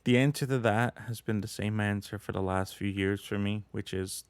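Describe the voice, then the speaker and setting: A man's voice: on the low side, fairly even intonation, normal speed, clean tone, no echo. A man co-hosting a podcast, who talks politics with passion and stumbles over repeated words when worked up. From Canada. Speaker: podcast producer and co-host. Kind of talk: casual political discussion.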